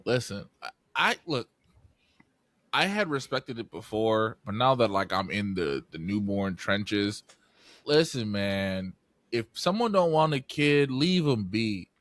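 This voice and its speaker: A young man co-hosting a podcast, telling animated stories in casual chat, swearing freely and acting out voices. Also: lowish voice, measured pace, no echo. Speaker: podcast co-host.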